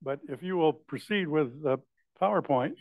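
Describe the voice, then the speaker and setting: A man's voice: on the high side, expressive, normal speed, dry recording, narrow, tinny audio. A man presiding over a club meeting, making announcements in a loose, chatty way with joking asides.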